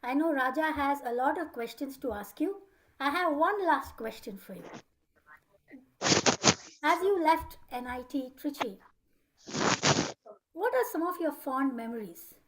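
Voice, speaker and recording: A woman's voice: high voice, expressive, unhurried, pauses often, noisy background. A woman hosting an interview, polite and thankful. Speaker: interviewer, alumni event host.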